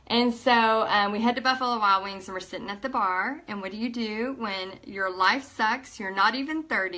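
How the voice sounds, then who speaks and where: Woman near 40, bright tone, emotional storytelling vlog, acts out quotes. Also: medium pitch. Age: almost 40. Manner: emotional, animated retelling with acted-out quotes. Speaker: paint party instructor. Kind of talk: personal storytelling to camera.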